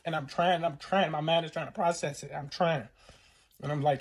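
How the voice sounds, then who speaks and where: A man with a fairly high speaking voice recounts a personal story in a loose, casual way. He swears freely and leans on fillers as he rambles. He acts out other people's lines as he goes. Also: fairly even intonation, normal speed, slightly rough. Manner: profane, rambling retelling full of fillers and acted-out quotes.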